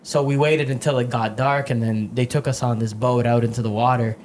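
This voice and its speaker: A man's voice: mid-range voice, fairly even intonation, a little fast, a little mellow, a little hiss or hum. A young man hosting a podcast, telling rambling stories in casual chat and laughing often. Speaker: podcast host.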